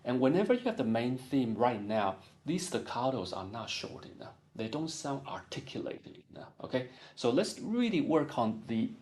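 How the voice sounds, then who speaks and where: Man, piano teacher, coaching a student, animated pitch, sings passages in syllables. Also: moderate pace, few pauses. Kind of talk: one-on-one piano lesson.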